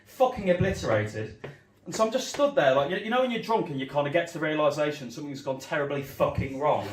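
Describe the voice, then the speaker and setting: In a comedy gig room, a young man from Leicester does stand-up, spinning a rambling story with lots of swearing and ums. His voice is a little high, picked up from a distance with roomy echo and background noise.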